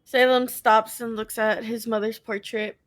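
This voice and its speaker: A woman's voice: a little high, flat delivery, measured pace, no room sound. A woman playing a tabletop game, giggly and playful. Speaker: player.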